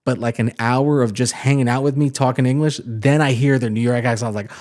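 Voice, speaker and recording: A man's voice: mid-range voice, fairly even intonation, darkish tone. A man co-hosting a podcast in casual chat, chatty and agreeable, often chiming in. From Puerto Rican heritage. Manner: chatty, agreeable, quick to chime in. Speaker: podcast co-host.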